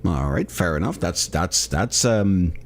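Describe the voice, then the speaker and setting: A man's voice: low voice, lively intonation, a little slow. A tired man hosting a solo comedy podcast, riffing sarcastically on a news article and laughing at his own jokes. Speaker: podcast host.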